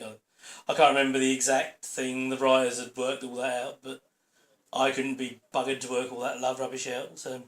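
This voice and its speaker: A man's voice: medium pitch, a bit bright. A man giving a rambling, opinionated audio commentary over a sitcom episode on his channel. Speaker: channel host. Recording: roomy echo.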